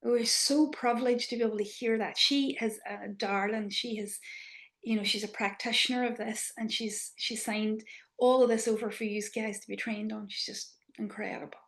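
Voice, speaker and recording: A woman teaching an online class on body awareness, asking the group probing questions and sometimes dropping to a soft whisper. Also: a little high, fairly even intonation, normal speed. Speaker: embodiment trainer.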